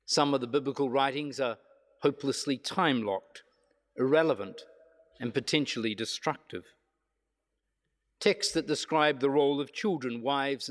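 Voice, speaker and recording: A man preaching a reflective sermon, measured, slowing down for emphasis. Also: mid-range voice. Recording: long hall reverb.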